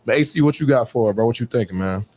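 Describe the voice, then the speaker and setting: A man's voice: medium pitch, warm tone, a little hiss or hum. A man from Chicago hosting a podcast, casually passing the mic around his guests. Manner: quick, easygoing, hands off to guests. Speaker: podcast host. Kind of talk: casual chat.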